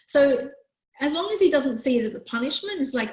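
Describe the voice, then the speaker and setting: A woman hosting a live online parenting workshop who answers questions in a gentle, calm, explanatory way. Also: high-pitched, brisk, roomy sound, rough recording. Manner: gentle, calm, explanatory, with frequent "you know".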